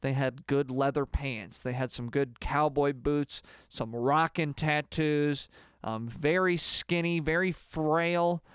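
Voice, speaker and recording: Rambling deadpan man, smooth voice. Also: a little high, no room sound, clean studio sound. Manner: rambling, halting, full of fillers. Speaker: comedy mock singing teacher. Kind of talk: deadpan mock lesson.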